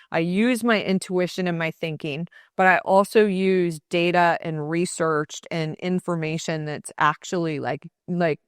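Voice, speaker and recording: A woman's voice: on the low side, dry recording. Earnest woman, dry close sound. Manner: earnest, conversational, with frequent "like" and "and so". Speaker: podcast host. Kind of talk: solo motivational podcast talk.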